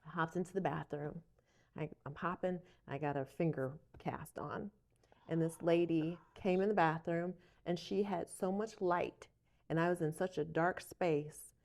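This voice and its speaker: Lively woman guest telling a story, acts out voices, casual chat. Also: lowish voice, a little slow. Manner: animated, acts out dialogue. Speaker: coffee shop owner, guest.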